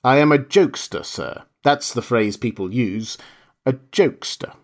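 A man's voice: medium pitch, lively intonation, unhurried. A man voicing a stiff, sullen male grandmaster who speaks sharply in clipped, pointed questions. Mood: stern.

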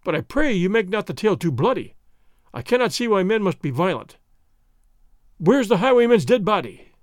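A man's voice: high voice, very animated, moderate pace, dry recording, clean studio sound. A man voicing a mild, foppish young nobleman who needles a sergeant in a mock-innocent way. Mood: needling.

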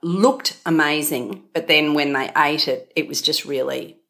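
A woman with an Australian accent, co-hosting a podcast and telling wry, deadpan stories in casual chat. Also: sits low, measured pace, creaky. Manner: wry, storytelling, deadpan asides. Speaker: podcast co-host.

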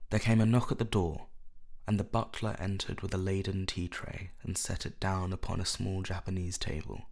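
A man narrating a classic novel in a measured, expressive storytelling manner. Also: low voice, gravelly. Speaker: audiobook narrator.

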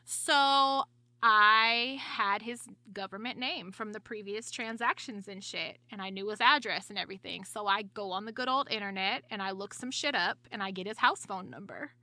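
Bright-voiced profane woman storyteller. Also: medium pitch, normal speed, no echo. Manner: blunt, profane, laughs through her story. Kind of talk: casual storytelling chat.

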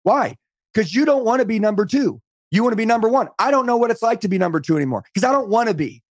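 A middle-aged American sales trainer, appearing as a podcast guest over a remote call, tells his story in an emphatic, motivational way. His high voice is lively and fast, and the recording is dry and studio-quality.

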